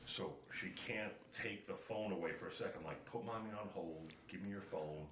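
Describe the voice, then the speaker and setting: A middle-aged man on a podcast, telling a family story in a lively, animated way and acting out the quotes. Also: deep voice, normal speed. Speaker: podcast co-host. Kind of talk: casual chat, storytelling. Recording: echoey room with faint ambient noise.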